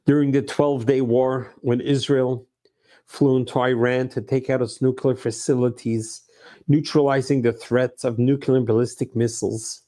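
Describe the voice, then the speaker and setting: A man's voice: medium pitch, warm tone. A middle-aged man preaching as a rabbi, earnest and emphatic, repeating his phrases. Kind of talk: sermon.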